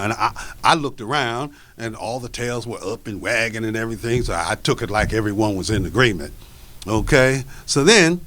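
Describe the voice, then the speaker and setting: A man's voice: mid-range voice, fairly bright tone. Guy telling a spoken word story, super casual, lots of you know. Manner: casual, conversational, many fillers like you know.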